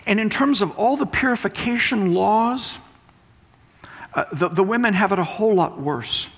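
A man's voice: high-pitched, lively intonation, moderate pace, fairly bright tone. A man preaching a sermon, explaining and repeating points for emphasis. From West Texas. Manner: explanatory, emphatic teaching with repetition. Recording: long hall reverb.

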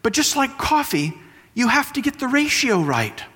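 A man's voice: extremely high pitch, very animated, normal speed, sharp tone, slightly rough. A married man preaching a sermon, teaching through everyday comparisons and repeating key phrases for emphasis. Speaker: pastor. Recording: long hall reverb.

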